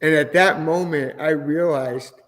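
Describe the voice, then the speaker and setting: A man's voice: a little high, unhurried, a bit bright. Man telling an emotional faith testimony. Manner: earnest, emotional storytelling. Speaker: podcast guest. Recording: long hall reverb.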